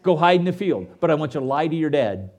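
A man preaching in church, reading a long passage aloud and stepping out of it to comment directly to his listeners. His voice sits a little high and moves widely up and down as he goes. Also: quick pace, muffled recording. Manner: animated, asides to the congregation. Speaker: pastor. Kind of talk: sermon with scripture reading.

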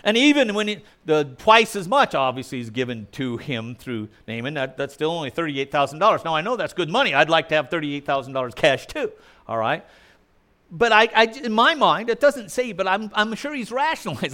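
A man's voice: fairly high pitch, very animated, brisk, pushed and bright. A male preacher giving a sermon in a conversational way, putting questions to the congregation.

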